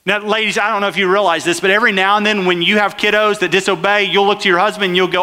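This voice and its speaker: Brief: male pastor, high bright voice, chatty sermon, asks the room questions. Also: fairly even intonation, very fast, hardly any pauses, big-room sound. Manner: conversational, questions the crowd directly.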